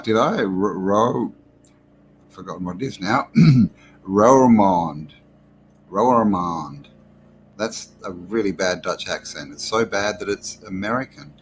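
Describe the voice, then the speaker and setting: A rambling Australian man chats casually with viewers on a live stream, chuckling as he greets them one by one. His voice sits fairly low, with a faint hiss behind it. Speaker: host.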